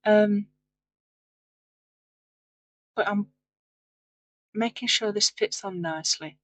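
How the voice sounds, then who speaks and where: A woman's voice: medium pitch, slow pace, a bit bright, no room sound, poor audio. A tired woman narrating her clay crafting in a rambling, chatty, self-deprecating way late at night. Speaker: craft video host. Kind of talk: casual voice-over crafting narration.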